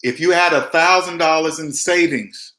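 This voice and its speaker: A man giving emphatic personal finance advice straight to camera, mimicking people with big jumps in pitch. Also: normal speed, sharp tone, echoey room. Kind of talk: direct-to-camera advice talk.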